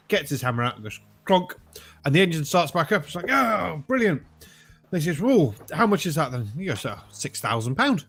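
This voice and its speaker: A man hosting a live poker stream, chatting casually, swearing freely and telling jokes in a rambling way. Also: mid-range voice. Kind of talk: casual chat and joke telling.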